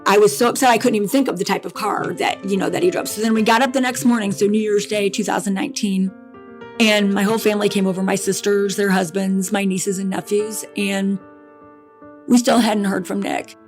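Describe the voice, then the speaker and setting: A middle-aged woman telling a painful personal story as an interview guest, halting and grief-laden, often restarting her sentences. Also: mid-range voice, fairly even intonation, faint music behind. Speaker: interview guest, bereaved mother.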